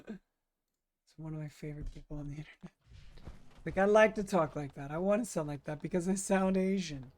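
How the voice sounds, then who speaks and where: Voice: medium pitch, brisk, pauses often, darkish tone. A streamer chatting casually while playing a video game, answering chat with lots of fillers.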